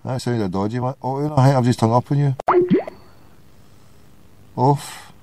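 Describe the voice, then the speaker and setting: A man hosts a late-night call-in show at a middle pitch. He jokes and swears his way through loose, rambling banter with callers. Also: moderate pace, dark tone, a little hiss or hum. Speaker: host.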